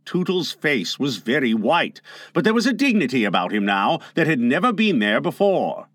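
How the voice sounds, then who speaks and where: A man reading a children's novel aloud as an audiobook narrator, with expressive delivery. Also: mid-range voice, normal speed, no echo, clean studio sound.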